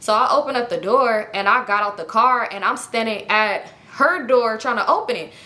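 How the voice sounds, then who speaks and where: Bright-voiced young woman telling a story. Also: a little high, normal speed. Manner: animated, profane, talks straight to viewers. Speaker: storytime vlogger. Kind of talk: casual storytelling.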